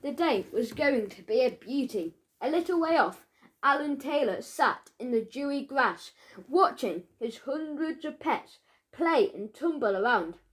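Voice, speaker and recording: A woman narrating a children's audiobook in a playful, expressive storytelling manner. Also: high-pitched, unhurried. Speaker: audiobook reader.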